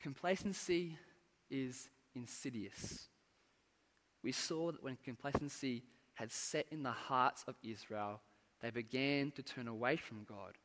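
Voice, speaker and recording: A man preaching a sermon, earnest and measured, pressing words for emphasis and letting phrase endings fall away. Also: a little high. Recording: long hall reverb.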